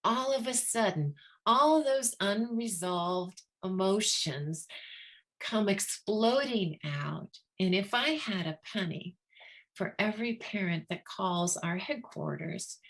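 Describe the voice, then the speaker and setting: A woman's voice: medium pitch, animated, takes it slowly, fairly bright tone. A woman who leads a children's divorce program, telling a story in an earnest way and acting out the voices of the people she quotes. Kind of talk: storytelling talk.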